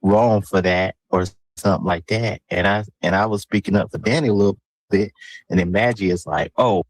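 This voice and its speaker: A man explaining himself on a livestream, insistent and repetitive when others talk over him. His voice is on the low side. The sound is close and dry. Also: fairly quick, dry recording, rough recording. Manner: insistent, repeats himself to get a word in. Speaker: livestream guest. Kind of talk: casual livestream chat.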